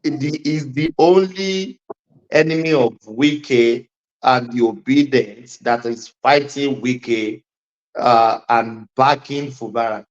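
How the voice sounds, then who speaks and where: A man's voice: mid-range voice, slow pace, muffled recording. A man moderating a heated panel, firmly cutting in to keep order. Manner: firm, interrupts to keep order.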